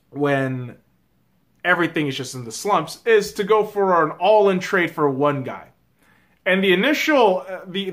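A man's voice: on the high side, a bit bright. A man hosting his own sports vlog, ranting casually with a lot of swearing and addressing his audience as boys and girls. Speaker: sports vlogger. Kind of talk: casual profane rant.

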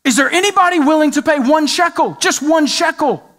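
A bold male auctioneer presses a packed crowd for a bid, as a preacher puts him on. His voice sits high and pushes hard on each call. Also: animated, brisk. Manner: loud, pressing calls to a crowd.

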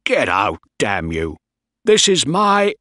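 A man voicing an angry, commanding male ship captain who shouts indignantly. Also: lowish voice, big pitch swings, takes it slowly, dry recording, clean studio sound, exaggerated voice. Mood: outraged.

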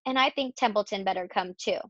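A woman voicing a gentle, clever female spider who speaks softly. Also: medium pitch, quick pace, no echo, highs cut off, natural voice. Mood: calm. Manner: soft, calm.

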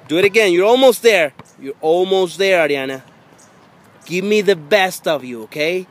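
A man coaching his young daughter at basketball outdoors, coaxing and repeating encouragement, sometimes rising to loud urging. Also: moderate pace. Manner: encouraging, repetitive coaxing, gets loud and high when urging. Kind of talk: casual coaching. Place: outdoors by a hoop. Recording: faint outdoor background noise.

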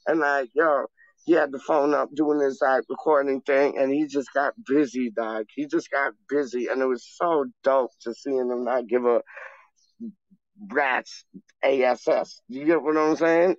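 A man's voice: mid-range voice, no room sound, dull audio. A man hosting his own channel, chatting casually in slang and rambling on a livestream, calling everyone "dog". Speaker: channel host. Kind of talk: casual livestream chat and freestyle rap.

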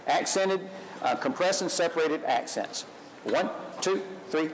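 A man's voice: fairly high pitch, measured pace, slight background noise, poor audio. A man leading a school band rehearsal, giving upbeat, encouraging instructions and singing the rhythms on syllables. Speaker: band clinician conducting a rehearsal.

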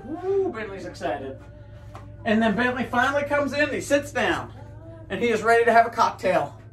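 A woman dog trainer explaining a training drill in a calm, steady way, with coaxing sing-song talk to the dogs in between. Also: fairly high pitch, moderate pace, pauses often. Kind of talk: hands-on training demonstration. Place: indoors with dogs. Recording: roomy sound from a distance, faint music.

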